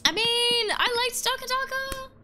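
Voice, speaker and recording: A woman's voice: extremely high pitch, moderate pace, over loud music. A woman chatting casually on a live stream while playing a game, joking and greeting her chat between yawns.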